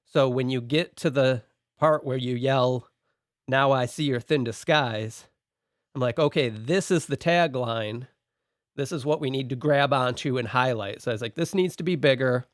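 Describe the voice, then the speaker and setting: A man's voice: medium pitch, moderate pace, dry recording, clean studio sound. A man co-hosting a podcast, walking through his production notes on a song point by point in a casual, methodical way.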